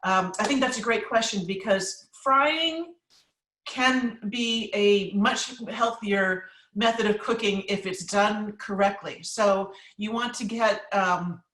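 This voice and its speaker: A woman's voice: medium pitch, slow, a bit bright, far from the mic. Chatty woman chef in a roomy echo. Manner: chatty, emphatic, many ums. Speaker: chef and cookbook author. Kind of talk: live cooking class Q&A, casual.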